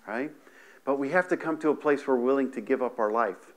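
A man's voice: mid-range voice, animated, fairly quick. A man preaching a sermon from a living room to a camera, often restarting his sentences and checking in with "amen" and "right". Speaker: pastor. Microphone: camera in front of him, seated on a stool.

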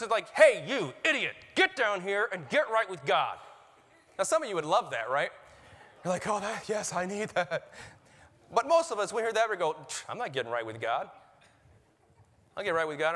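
Animated preaching man in echoey church. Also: fairly high pitch. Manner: animated preaching, acts out quoted voices, laughs at own jokes. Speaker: pastor. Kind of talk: sermon. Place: church sanctuary. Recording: reverberant church hall.

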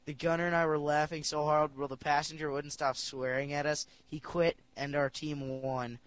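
A man's voice: fairly high pitch, level tone, normal speed, fairly bright tone, no echo. Laughing male podcast host. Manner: laughs often, jokey. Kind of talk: casual chat, reading listener stories aloud.

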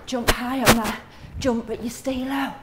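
A woman's voice: on the high side, fairly even intonation, a little slow, very noisy. A woman fitness instructor coaching a workout while doing it herself, counting reps and calling out moves, a little out of breath.

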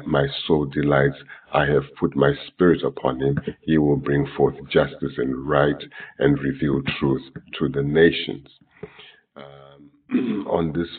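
A man with a very deep, husky voice teaches scripture, reading verse after verse in different translations. He talks in a flat, halting way, with plenty of fillers and throat-clearing. The sound is thin and tinny, as if recorded from a distance over a phone line. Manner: hesitant, many fillers and self-corrections. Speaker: Bible teacher.

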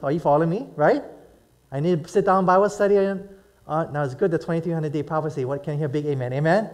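A man from Hawaii with a notably high-pitched voice delivers a sermon. He talks in an easy, conversational style, keeps asking his listeners questions, and leans on "right?" to hold them with him. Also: expressive, fast talker, a little mellow. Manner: conversational preaching, asks the audience questions. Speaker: pastor.

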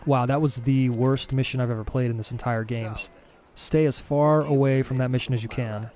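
A young man giving casual let's-play commentary as a gaming streamer, excitable and easily frustrated. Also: mid-range voice, fairly quick. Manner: excitable, frustrated, swears mildly.

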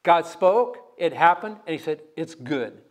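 A man with a high, light voice preaches a sermon in a church. He tells stories and keeps calling the congregation to answer him back. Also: animated, unhurried. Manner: storytelling, call-and-response with congregation. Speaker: guest preacher. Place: church sanctuary.

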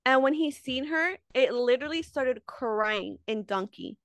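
A woman co-hosting a podcast, chatting casually in a bubbly, expressive way with lots of laughter. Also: sits high, a little slow, dry recording. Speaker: podcast co-host. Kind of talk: casual chat.

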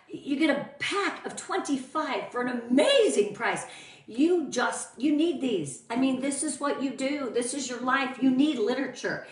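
Chatty upbeat woman, team trainer, fairly high voice, roomy echo, a bit off-mic. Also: a bit bright, distant mic. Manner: bubbly and chatty, greets viewers by name. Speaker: team leader of sales consultants. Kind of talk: casual live-stream training. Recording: echoey room, voice off-mic.

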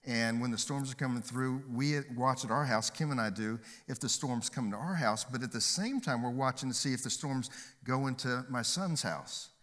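A man's voice: medium pitch, normal speed, fairly bright tone. A man preaching a sermon from a church stage as pastor, upbeat and emphatic, slipping in jokes. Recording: long hall reverb.

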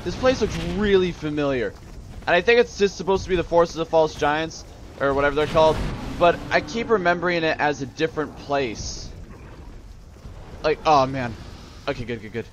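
A man casually commenting on his own gameplay in an excitable way, talking to the enemies and breaking into sudden outbursts. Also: fairly high pitch, brisk, slight background noise. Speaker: let's play host.

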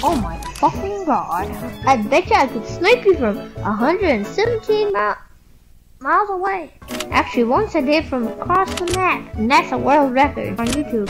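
A woman in game voice chat who swears nonstop, accuses someone of cheating, and jumps from grumbling into shrill yelling. Her voice sits fairly high and swings widely in pitch. Loud music plays behind her the whole time. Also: big pitch swings, moderate pace. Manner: swears constantly, accuses others of cheating, bursts into high yells. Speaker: player in online game voice chat. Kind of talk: heated gaming voice chat. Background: loud background music.

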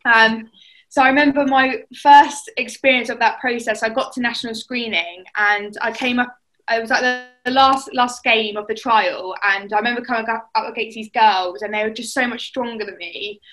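A woman's voice: on the high side, steady tone, normal speed, fairly bright tone, poor audio. A young woman from England, a netball player, telling stories in a casual chat and acting out what people said. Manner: chatty storytelling, acts out quotes.

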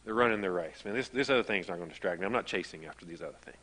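In a large hall that serves as a church sanctuary, a low-voiced man delivers his sermon rapid-fire with a fairly bright tone. As pastor he tells stories conversationally, and his delivery rises until it becomes emphatic.

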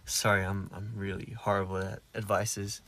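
A young Australian man in his twenties hosts a casual live stream, answering viewer comments in a loose, easygoing, rambling way full of fillers and restarts. His voice is fairly low with little pitch movement, at a normal speed, against a noisy background.

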